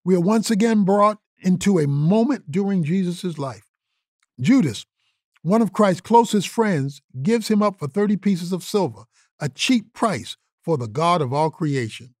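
A man's voice: high-pitched, expressive, a little slow, darkish tone, no echo, studio quality. A man giving an earnest scripted introduction to an episode of an audio drama series. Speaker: show host introducing the episode.

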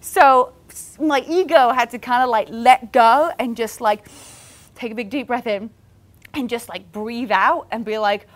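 A woman podcast host talks to her listeners in a loose, candid chat, full of "like" fillers. Her voice sits a little higher than most women's. She sounds encouraging and speaks to them directly. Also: unhurried. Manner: chatty and candid, many "like" fillers. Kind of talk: casual motivational podcast talk.

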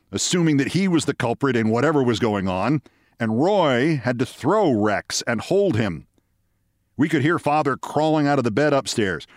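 A man hosting a podcast, reading a short story aloud in a lively storytelling manner. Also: no echo, clean studio sound. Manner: lively storytelling, jumps high for quoted shouts. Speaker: podcast host.

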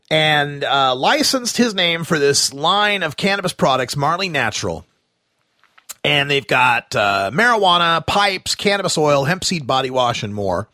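A man hosting a talk radio show, delivering an animated, sarcastic monologue with plenty of fillers and asides. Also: fairly high pitch, no room sound, clean studio sound.

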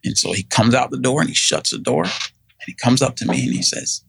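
A gravelly-voiced middle-aged man rambles through a personal story, full of fillers and restarts. He slips into the voices of the people he quotes. The sound is close and dry, with no room around it. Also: medium pitch, very animated, fairly quick, fairly bright tone, dry recording. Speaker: guest telling his story. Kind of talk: casual storytelling.

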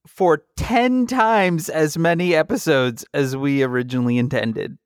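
Deadpan man cohosting a podcast. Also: a little high, measured pace, clear, resonant tone, dry recording. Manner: dry, deadpan reactions. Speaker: podcast co-host. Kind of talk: casual chat.

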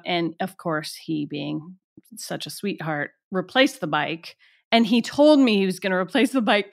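A middle-aged actress guest telling a story in a casual interview, animated and laughing as she goes. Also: mid-range voice.

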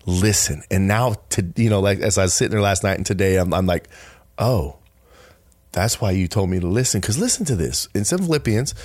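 A man co-hosting a Christian podcast, reading scripture aloud and breaking into excited, animated bursts. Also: lowish voice, fairly quick, no echo, studio quality. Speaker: podcast co-host. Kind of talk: faith podcast conversation.

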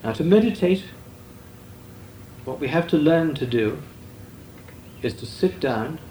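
Slow, lively-pitched older monk teaching meditation. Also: male voice. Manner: measured, deliberate, with long pauses. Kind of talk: slow meditative spiritual talk. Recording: echoey room with faint noise.

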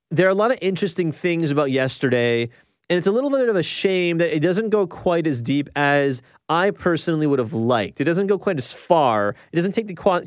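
A man's voice: fairly high pitch, clean tone, dry recording, clean studio sound. A man giving a casual, rambling movie review, often restarting his sentences. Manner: rambling, restarts a lot, chatty. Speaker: film reviewer.

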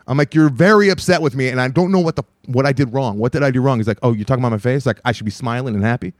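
A man in his thirties, co-hosting a podcast, telling an animated story in casual chat and acting out both sides of a conversation. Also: mid-range voice, very fast, no room sound, studio quality. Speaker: podcast co-host.

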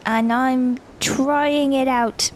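A woman's voice: high voice, fairly even intonation, very slow, darkish tone. A woman playing in a tabletop game, speaking in a sweet, dreamy way. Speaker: player. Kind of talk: casual role-play chat.

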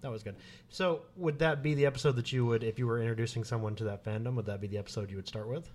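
A man's voice: mid-range voice, very fast, a little mellow. A man co-hosting a casual podcast, explaining things eagerly. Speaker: podcast co-host. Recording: noisy background hiss.

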